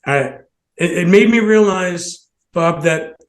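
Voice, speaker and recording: This podcast host has a high-pitched voice and takes his time telling a personal story. It comes out rambling, with many restarts and short laughs slipped between phrases.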